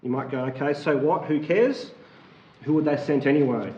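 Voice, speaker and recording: An Australian man chairing a council meeting, speaking formally but haltingly with many fillers. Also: on the high side, mellow. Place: council chamber. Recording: roomy, dull council chamber audio.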